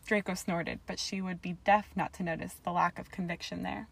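A woman reading a story aloud in a calm, even storytelling voice. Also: on the low side, fairly quick, gravelly, slightly rough. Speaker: reader. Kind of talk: audiobook narration of fan fiction.

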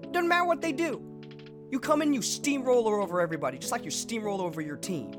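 A man voicing a tough, defiant woman outlaw in a tabletop game, shouting her lines. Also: high-pitched, lively intonation, quick pace, over music, voice pushed up. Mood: yelling.

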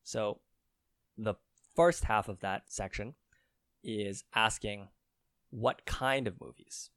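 A man explains Mandarin phrases in a relaxed, measured lesson, spelling each word out carefully. His voice sits low and moves at an unhurried crawl. The sound is dry and close, with no room around it. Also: no echo. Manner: slow, careful spelling out of tones. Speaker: co-host teaching Mandarin.

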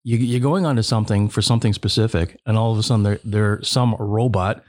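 A man's voice: on the low side, steady tone, a little fast, darkish tone, no echo, clean studio sound. A man co-hosting a casual podcast chat, rambling with many restarts and stammers.

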